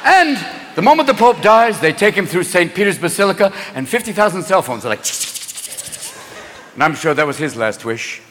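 Manic high-voiced stand-up comedian. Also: male voice, very animated, a bit bright, slight background noise. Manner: manic, rapid-fire, jumps into voices. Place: large theater on stage. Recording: echoey hall, audience laughter and ambience.

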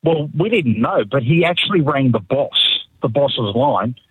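A man calling in to a radio show, telling a story in a lively way and chuckling as he goes. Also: mid-range voice, moderate pace, slightly rough, no echo, phone-quality sound. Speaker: caller. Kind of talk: phone-in anecdote. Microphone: phone line.

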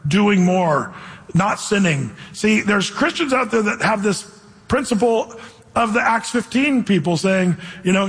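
A man preaching a sermon in church, animated, acting out the voices he quotes. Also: high-pitched, normal speed, slightly rough, long reverb tail. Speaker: pastor.

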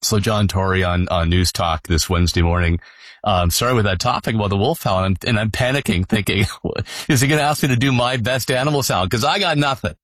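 A man's voice: on the low side, brisk, fairly bright tone, dry recording, studio quality. A man on a political podcast panel, chatting casually in a self-deprecating, good-humoured way.

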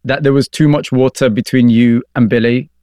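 A man narrates and presses his guest with steady, probing questions. His pitch sits in the ordinary middle for a man. The recording is close and dry, with no room sound. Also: normal speed, no echo. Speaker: interviewer and narrator. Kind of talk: documentary-style narration and questions.

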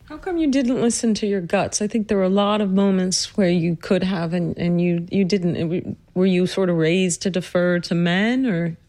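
A narrator and host telling a personal family story, then questioning their mother, earnest and slowing down to stress points. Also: mid-range voice, a little mellow, no echo. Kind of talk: reflective personal narration and interview.

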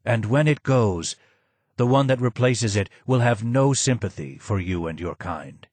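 A man voicing a bitter, ailing old Persian man who speaks hoarsely and forcefully. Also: medium pitch, animated, unhurried, dry recording.

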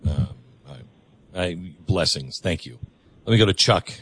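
A man's voice: sits low, lively intonation, moderate pace, a bit bright, slightly rough. A man hosting a call-in radio show, taking callers in an earnest, reflective way with frequent stammered restarts. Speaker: radio talk show host.

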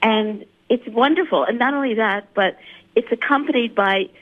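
A woman's voice: on the high side, normal speed. A woman calling into a radio show, eagerly describing a place she visited. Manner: eager, enthusiastic. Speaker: caller. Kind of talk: phone-in radio call. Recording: tinny phone line.

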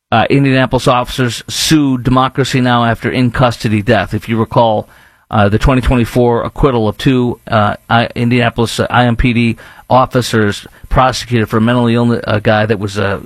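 A man's voice: mid-range voice, dry recording. A man hosts a talk radio show in an emphatic, opinionated monologue, full of restarts and asides. His voice sits in a middle register. The studio sound is close and dry. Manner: emphatic, rambling, with mocking put-on voices.

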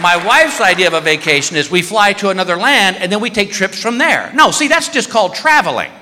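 A middle-aged man doing a stand-up routine, telling a family story with animated voices. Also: fairly quick, crowd noise. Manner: animated storytelling, putting on a shrill wife voice. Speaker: stand-up comedian. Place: comedy stage before a live audience. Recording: stage mic in a large reverberant hall.

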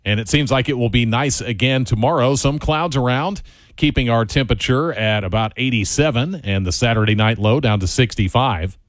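A man with an ordinary mid-range voice announces songs and the weather as a radio host. His delivery is friendly and smooth, and the studio sound is dry and close. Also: medium pitch, normal speed, no room sound.

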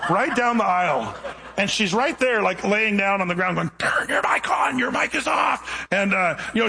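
A middle-aged male pastor preaching a sermon, telling a funny story in a lively, animated way before reading scripture. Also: high-pitched, slightly rough, low-quality recording.

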